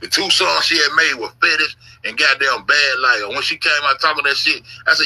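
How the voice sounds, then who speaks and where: A man rambles through a long story on a casual stream, cursing constantly and repeating himself. His voice is bright and edgy but husky, and he drops into low grumbles before bursting out loud. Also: quick pace, few pauses, rough recording. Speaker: YouTube commentator.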